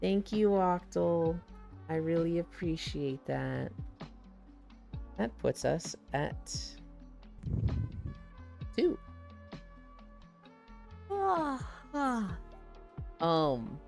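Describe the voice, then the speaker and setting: A man streaming live and chatting casually, telling stories in a profane, animated way and acting out the voices he quotes. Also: fairly high pitch, extremely slow, creaky, pauses often, faint music behind.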